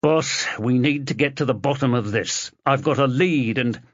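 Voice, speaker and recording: A man's voice: medium pitch, moderate pace, no room sound, dull audio, voice pushed up, natural voice. A man voicing a weary, stubborn male police detective who speaks tersely and dryly.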